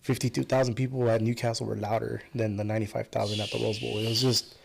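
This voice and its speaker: Fast-talking rambling man, casual chat. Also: fairly low pitch, flat delivery, creaky. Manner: rambling storyteller, many restarts and fillers. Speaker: podcast guest.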